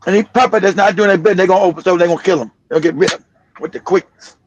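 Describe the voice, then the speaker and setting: A male livestream host gives blunt, profane political commentary and laughs between points. His voice is notably high for a man, and the sound is dry and close. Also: racing, no echo, lo-fi sound.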